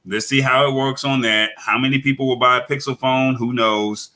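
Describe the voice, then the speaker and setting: Male tech commentator, very bright tone, casual live chat, halting and full of fillers. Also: mid-range voice, fairly even intonation. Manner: halting, many fillers and restarts.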